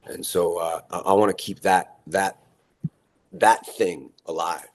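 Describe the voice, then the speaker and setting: Animated man telling stories. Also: low voice, a little slow. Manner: animated, repeats words, acts out quotes. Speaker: actor guest. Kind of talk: casual storytelling interview.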